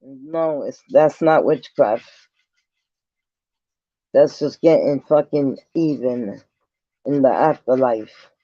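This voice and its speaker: A man's voice: mid-range voice, slow, pauses often, mellow, no echo. A man vlogging an angry, profane rant straight to the camera, repeating himself as he confronts someone. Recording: dull lo-fi sound.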